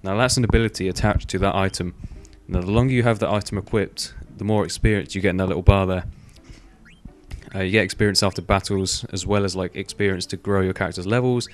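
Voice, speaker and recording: Talking fast in a low, steady voice, a young gaming video host gives rambling, casual gameplay commentary. He swears offhandedly and leans on "um" and "like" to fill gaps.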